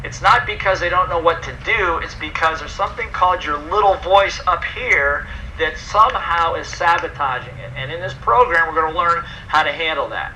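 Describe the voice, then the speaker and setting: A man's voice: a little high, normal speed, sharp tone, a little hiss or hum, low-quality recording. A man presenting a personal development program, talking emphatically and putting questions to his audience. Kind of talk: motivational seminar talk.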